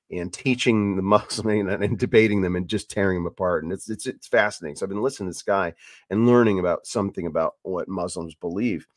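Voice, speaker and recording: Animated, rambling low-voiced man. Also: no room sound, studio quality. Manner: animated and rambling, with many restarts and emphatic bursts. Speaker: podcast host. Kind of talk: casual Bible teaching podcast.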